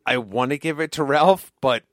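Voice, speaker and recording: A man's voice: mid-range voice, moderate pace, no room sound. A tipsy man co-hosting a podcast, reading game rules aloud and joking around with friends. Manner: reads game rules aloud, laughing, slurred banter. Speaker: podcast co-host, game judge. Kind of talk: drunk casual chat.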